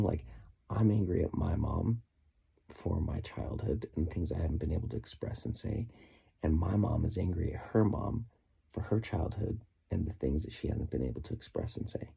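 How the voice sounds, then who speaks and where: A man's voice: low voice, moderate pace, creaky, mellow, slightly rough. A man recording a personal video diary, telling an earnest, reflective story with plenty of fillers. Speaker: vlogger.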